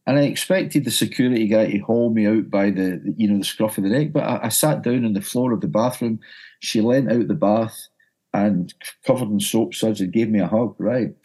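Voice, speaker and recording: A man's voice: lowish voice, moderate pace, mellow, slightly rough. A middle-aged Glaswegian man, a music broadcaster, telling a story animatedly and stumbling over repeated words. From Scotland. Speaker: broadcaster and music journalist guest. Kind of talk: anecdotal storytelling.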